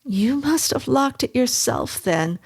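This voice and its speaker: A woman's voice: animated, slow, gravelly, husky, heavily acted. A woman voicing a young wife in a horror story, bewildered and defensive, firing off indignant questions. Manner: high, exclaiming, indignant questions.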